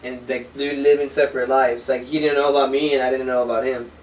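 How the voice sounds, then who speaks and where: A man's voice: mid-range voice, fast. A man in his twenties telling rambling, profane stories in casual chat with a friend. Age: 20s. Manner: rambling, profane, animated retelling. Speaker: co-host. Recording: echoey room from far off, faint hiss.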